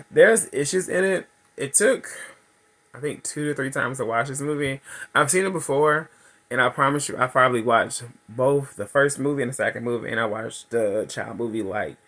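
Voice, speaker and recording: A man in his thirties giving a chatty, laughing movie recap and review, acting out characters' lines in a high voice. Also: a bit bright.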